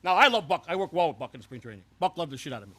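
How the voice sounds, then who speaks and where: Here the host's exaggerated voice is fairly high, sing-song and sharp, coming out rapid-fire. He's acting as a brash, foul-mouthed onetime baseball clubhouse worker, boasting through rambling scripted comic stories and stumbling over words he repeats.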